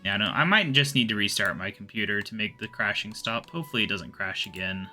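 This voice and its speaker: A man giving relaxed, rambling commentary while playing a game, often muttering to himself. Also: lowish voice, brisk, faint music behind. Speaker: gaming video host. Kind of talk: casual gameplay commentary.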